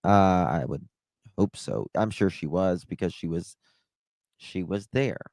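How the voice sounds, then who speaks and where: A man's voice: sits low, unhurried, vocal fry, warm tone, no echo. A man with a Southern accent hosting a live stream, telling stories in a chatty, rambling way. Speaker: livestream host. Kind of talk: casual live-stream chat.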